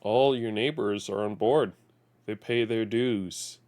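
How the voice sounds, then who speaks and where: A sneering gangster from a crime video game, read aloud by a man in a low voice. He taunts and threatens a shopkeeper with slow, mocking menace. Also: darkish tone. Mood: taunting. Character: menacing male gangster extorting a chef.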